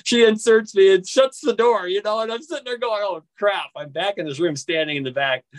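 A man telling a personal story as an interview guest, acting out quoted dialogue with big jumps in pitch and often restarting his sentences. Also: no echo. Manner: halting, with frequent restarts.

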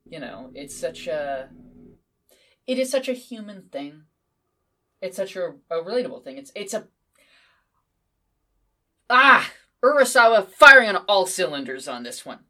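Bright-voiced woman gushing, swearing casually. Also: fairly low pitch, sing-song, a little slow, long pauses. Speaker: podcast co-host. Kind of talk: casual comic-book podcast chat.

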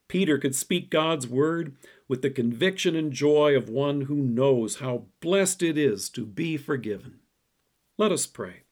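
A man delivering a scripted devotional message and reading scripture in a measured, deliberate way. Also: fairly high pitch, lively intonation. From city-raised. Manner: measured, reads scripture quotes slowly. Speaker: devotion speaker.

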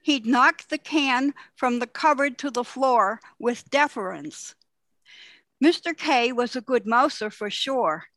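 A woman in a writing workshop reading her own short rhyming poem in a plain, measured way. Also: fairly high pitch, lively intonation, a bit bright, no echo. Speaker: workshop participant.

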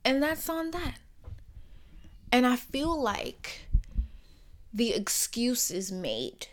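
A young adult woman of Caribbean origin hosting a podcast, talking in a personal monologue with emphatic rhetorical questions and soft near-whispered asides. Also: on the high side, sing-song, very slow. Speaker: podcast host.

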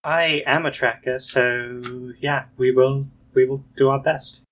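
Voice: mid-range voice, fairly even intonation, slow pace, a bit bright. A laid-back player in a tabletop game.

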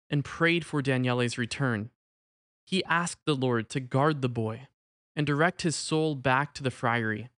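A man narrating a religious story in a measured, gentle storytelling manner. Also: medium pitch, dry recording, studio quality.

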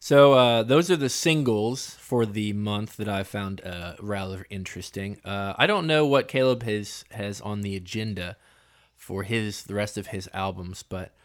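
A man's voice: fairly low pitch, unhurried. A man co-hosting a casual music review podcast, talking loosely with lots of fillers and restarts. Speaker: podcast co-host.

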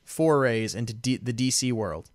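Podcast co-host, man, smooth clear voice, dry close sound, rambly and excitable. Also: mid-range voice, normal speed, dry recording. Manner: excited, rambling, laughs often. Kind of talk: casual chat.

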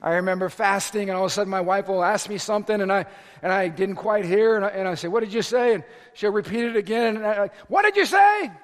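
A middle-aged man preaching a sermon, telling stories with animated, sometimes shouted asides. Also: sits high, fast talker. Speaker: pastor. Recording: echoey hall recording.

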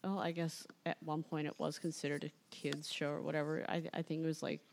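Low, gravelly-voiced woman host. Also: flat delivery, a little fast, a little hiss or hum. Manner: frank, casual, swears. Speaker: podcast host. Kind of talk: casual podcast chat.

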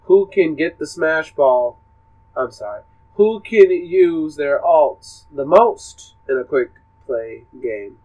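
Man, podcast co-host, somewhat high voice, laid-back, giggly. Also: expressive, slow, darkish tone, muffled recording. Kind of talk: casual chat.

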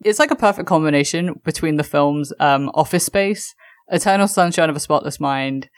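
A woman's voice: low voice, normal speed, no room sound, studio quality. A woman co-hosting a podcast, talking in a loose, chatty way with lots of fillers and restarts. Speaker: podcast co-host. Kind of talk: casual chat.

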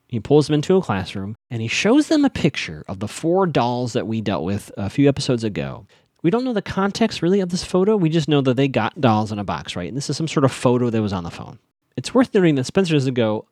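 Man, casual recap host, very expressive pitch, dry close mic. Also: no echo. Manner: animated, acts out characters' lines in quick voices. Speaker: TV episode recap podcaster.

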